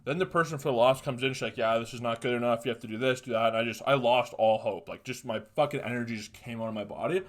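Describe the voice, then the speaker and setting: A young man hosting a podcast, telling a rambling, profane story in casual chat that turns loud and heated when he rants. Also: mid-range voice, quick pace, few pauses. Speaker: podcast host.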